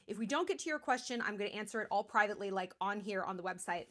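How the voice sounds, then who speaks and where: A woman in her thirties hosts a charity livestream, her mid-range voice animated, quick and a little bright. She talks casually, chatty and blunt, filling her speech with lots of fillers.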